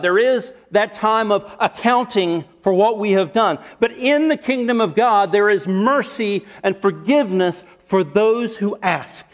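A man preaching a sermon, retelling a parable with rhetorical questions and shifting emphasis. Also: high voice. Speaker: pastor.

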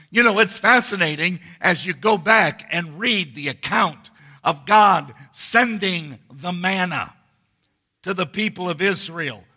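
A man preaching a sermon as pastor, teaching verse by verse with slow, deliberate emphasis. His voice is bright and somewhat husky. A long reverb from a large hall trails behind him. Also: sits high. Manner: expository preaching, slow and emphatic with scripture readings.

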